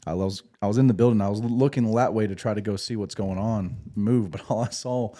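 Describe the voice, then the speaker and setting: A man with a low, mellow voice tells old service stories on a podcast in a loose, rambling way, swearing freely and restarting sentences. His tone stays dark and relaxed throughout. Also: brisk. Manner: laid-back, rambling, profane, with restarts. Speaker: podcast host, former infantry Marine. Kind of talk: casual storytelling.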